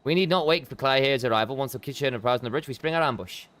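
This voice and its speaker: A man's voice: medium pitch, fast talker, a bit bright, close to an everyday voice. A man reading game dialogue aloud, voicing a stiff, formal quest-giver briefing an ambush in a put-on accent.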